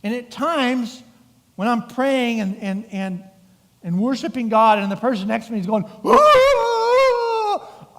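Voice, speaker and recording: A high-pitched, middle-aged man preaches at a moderate pace as pastor, his voice carrying long hall reverb through the church sanctuary. His sermon is animated storytelling, vivid and full of acted-out voices.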